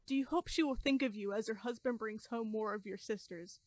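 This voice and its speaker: A woman's voice: on the high side, a little fast, darkish tone, no room sound, natural voice. A woman actor playing a taunting woman's voice that accuses a silenced nymph, in an experimental theater monologue. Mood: accusing. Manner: accusing, rising to intense repetition. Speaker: stage actor.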